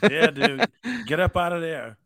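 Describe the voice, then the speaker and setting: A man with a slightly high voice chimes in, laid-back, with short replies. The sound is dry and close. He talks in casual podcast chat with a friend. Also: moderate pace, fairly bright tone, dry recording.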